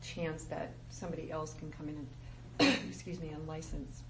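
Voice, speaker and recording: Low-voiced woman at a meeting, halting. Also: steady tone. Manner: halting, repeats words, coughs. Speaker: board member. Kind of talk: public meeting discussion. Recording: distant mic with noise.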